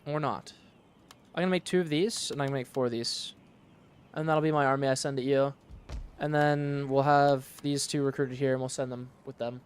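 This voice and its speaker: Streamer, man, mid pitch; casual thinking-aloud game commentary, relaxed and matter-of-fact. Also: normal speed, clear, resonant tone. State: sleepy, yawning. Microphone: studio dynamic mic.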